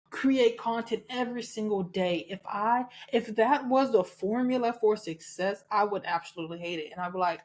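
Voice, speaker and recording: Candid Southern woman podcaster. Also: on the high side. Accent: Southern American. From American South. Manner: candid, chatty, frequent laughs and cussing. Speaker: podcast host. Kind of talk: casual solo podcast talk.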